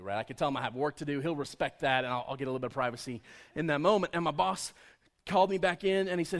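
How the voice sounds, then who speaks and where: A man preaching a sermon as a personal story, acting out conversations with lively swings in his voice. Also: fairly high pitch, very fast. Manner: animated storyteller, acts out dialogue. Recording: long hall reverb.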